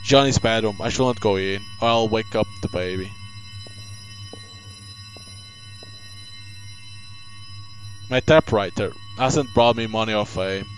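A man voicing a hard-drinking, struggling male writer who talks gruffly and curses a lot. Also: on the low side, normal speed, soft background music, natural voice, rough recording. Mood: grumbling. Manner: reads game dialogue aloud, gruff and cursing.

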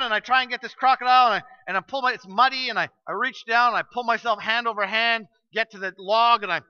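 A man preaching a sermon as pastor, telling a story with sudden shifts from loud to hushed. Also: sits high, smooth, dull audio. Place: church sanctuary.

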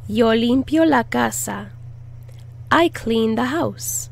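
A woman leads a language lesson at a very slow, deliberate pace, repeating each word carefully so learners can copy it. Her voice sits a little high and has a gravelly edge. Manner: repeats words slowly and deliberately, stressing syllables. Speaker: Spanish teacher.

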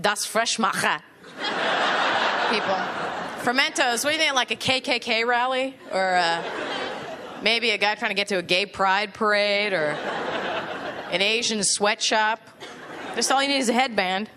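A woman comedian doing a self-deprecating, sardonic stand-up set on stage at a music venue. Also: mid-range voice. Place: large music venue before a live audience. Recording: live stage recording with loud crowd laughter and noise. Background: audience laughter and applause.

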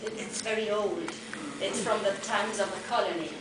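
A woman's voice: mid-range voice, steady tone. A woman from Argentina, Spanish her first language, talks casually on a translators' panel. She stumbles and repeats words as she works out her English phrasing. The sound comes from far off in a very echoey room with a noisy background. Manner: halting, repeats words while searching for phrasing. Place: conference room.

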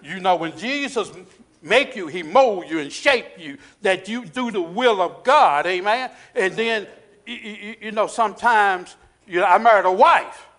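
A man preaches to his congregation in a fairly high voice. He calls out for responses and repeats key words, sometimes sinking to a hushed, earnest tone. It is a church sermon ending with an altar call. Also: lively intonation, a little slow. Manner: drops to a hushed intense voice in prayer. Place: church sanctuary.

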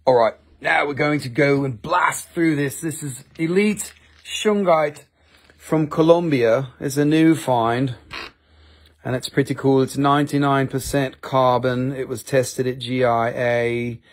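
A man's voice: medium pitch, measured pace. A man hosting a casual live-stream sale of rocks and minerals, chatty and jokey, with offhand swearing.

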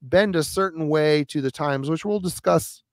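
A man hosting a casual podcast chat, easygoing and laughing often as he gives measured opinions. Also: on the high side. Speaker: podcast host.

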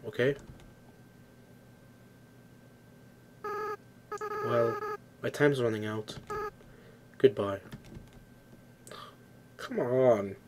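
A man reading game dialogue aloud as a remorseful young goat-monster boy, soft and halting. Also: mid-range voice, a little hiss or hum, natural voice. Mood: tender farewell. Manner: soft, halting, stumbling over words.

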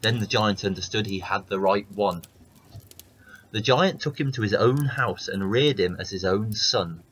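Low, husky fairy-tale reader. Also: male voice, unhurried, a bit bright, low-quality recording. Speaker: storyteller. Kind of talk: reading a fairy tale aloud.

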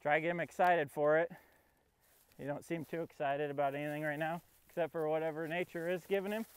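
A fairly high, clear and resonant male voice with fairly even intonation speaks at a fairly quick pace, with no room sound. He's out in a field, coaxing his puppy during training and explaining every step in a laid-back vlog, talking between commands.

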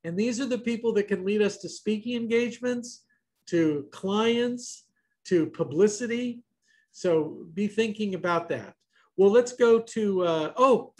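A man's voice: high-pitched, measured pace, a little mellow. A man hosting a casual roundtable over a video call, loose and joking. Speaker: host.

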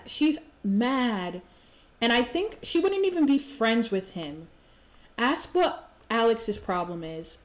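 A woman hosting a game channel, giving excitable let's-play commentary with gasps and exclamations. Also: medium pitch. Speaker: gaming channel host.

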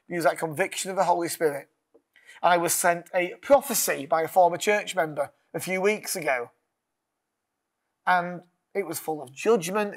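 A man preaching a sermon as pastor, earnest, leading call-and-response lines and dropping to a hush. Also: high voice.

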